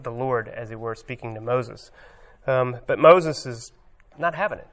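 A pastor preaching a sermon, reading scripture emphatically, then commenting in a looser way with hesitations. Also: male voice, mid-range voice, a little slow, few pauses, a bit bright.

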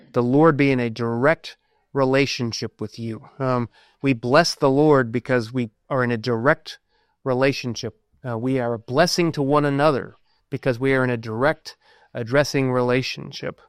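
Guy reading scripture in a sermon and unpacking it, pauses a lot, smooth voice, no room echo. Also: mid-range voice, steady tone. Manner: halting, many ums and uhs, thinking aloud. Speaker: preacher.

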